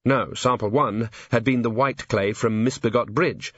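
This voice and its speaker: A man with a husky voice giving scripted audiobook narration in a dry, measured manner. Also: mid-range voice, steady tone, fairly bright tone, no room sound, highs cut off.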